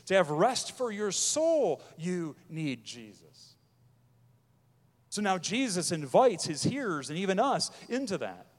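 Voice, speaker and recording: A man preaching a sermon as pastor, emphatic, pressing his points hard and then dropping his voice low. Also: big-room sound.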